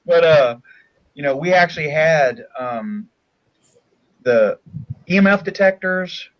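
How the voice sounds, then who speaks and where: This man tells stories in a chatty way and often laughs between phrases. His voice sits a little high for a man. The sound is muffled and lo-fi. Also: animated, slow pace, pauses often, no room sound. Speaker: paranormal investigator guest. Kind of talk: casual chat. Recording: dull lo-fi sound.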